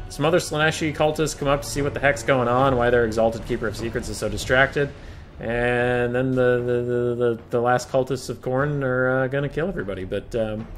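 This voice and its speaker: A man's voice: medium pitch, fairly quick, soft background music. A man giving a casual, rambling and amused commentary on a video game clip.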